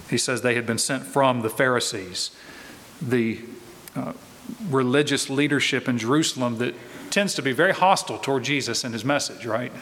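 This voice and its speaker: A man's voice: mid-range voice, fairly bright tone, slight background noise. Man preaching in a reverberant hall. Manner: conversational teaching with rhetorical questions. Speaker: pastor. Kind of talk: expository sermon.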